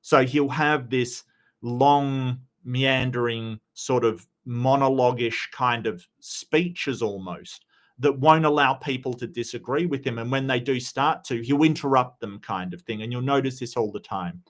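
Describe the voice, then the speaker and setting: A man's voice: medium pitch, a little slow. A man giving casual commentary on video clips, rambling and often stammering as he restarts his sentences. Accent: non-American.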